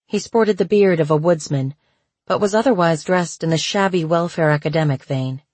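Audiobook narrator, steady reading, bit husky, dry close mic. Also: medium pitch, moderate pace, dry recording. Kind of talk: scripted narration.

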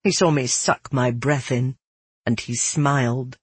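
An audiobook narrator reading first-person fiction in a measured, even storytelling manner. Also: medium pitch, slightly rough, no echo.

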